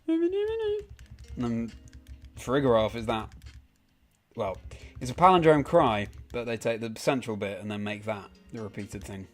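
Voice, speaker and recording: A man's voice: on the low side, unhurried, faint music behind. Chatty man greeting his stream viewers. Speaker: live streamer. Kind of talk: casual live-stream chat.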